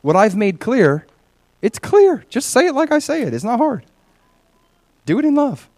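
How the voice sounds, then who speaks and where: Guy doing a pleading urgent holy teacher voice, pushes higher when he insists. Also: lively intonation, brisk, darkish tone, dry recording, lightly acted. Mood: urging. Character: earnest divine male teacher, urging.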